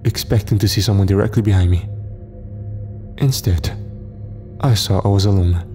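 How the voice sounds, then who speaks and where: Low-voiced man narrating horror. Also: warm tone. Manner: tense, suspenseful storytelling. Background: faint music.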